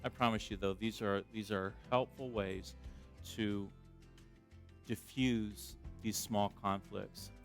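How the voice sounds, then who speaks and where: A middle-aged man giving a sermon as a pastor, talking in a conversational, self-deprecating way that swings between loud emphasis and quiet asides. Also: on the low side, fairly even intonation, slow, creaky, soft background music. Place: church sanctuary.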